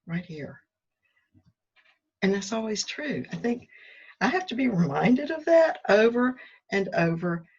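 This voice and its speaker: A woman talks through her walking meditation in a musing, conversational way, with drawn-out pauses, recorded outdoors on a walk. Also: fairly low pitch, slightly rough, dull audio. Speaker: meditation vlogger. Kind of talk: reflective spoken vlog.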